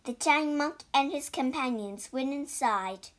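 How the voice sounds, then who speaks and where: A woman reading a storybook aloud slowly and clearly for English learners. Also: sits high. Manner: slow, clear, deliberate.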